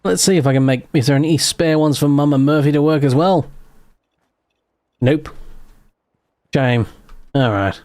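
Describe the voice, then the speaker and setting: A man's voice: on the high side, unhurried, long pauses, darkish tone, dry recording. Dry-sounding man chatting through his gameplay. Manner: chatty, muttering running commentary to himself. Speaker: gaming streamer. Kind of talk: casual live gameplay commentary.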